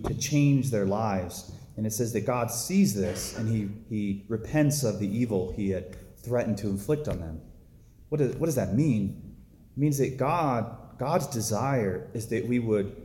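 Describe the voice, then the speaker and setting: A man's voice: fairly low pitch, dark tone, roomy sound. A man giving a casual, conversational sermon, telling a story with lots of filler words. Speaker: preacher.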